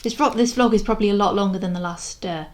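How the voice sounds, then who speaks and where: A young woman talks straight to camera in a loose, rambling vlog. Her voice sits at an ordinary middle pitch, and she speaks frankly, often restarting her sentences and sounding exasperated. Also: quick pace. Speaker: video creator reviewing a historical drama. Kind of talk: casual vlog commentary.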